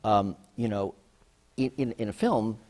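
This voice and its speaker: Man, low voice, theater producer, thoughtful. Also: a little slow, a little mellow, in a large hall. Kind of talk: panel discussion.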